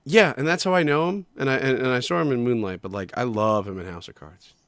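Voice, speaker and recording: A man talks casually as a podcast co-host, wandering through his thoughts and swearing as he goes. His voice sits at an ordinary middle pitch. The sound is dry, with no room echo. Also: fast talker, fairly bright tone. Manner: rambling, swears often, loses names. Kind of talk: casual chat.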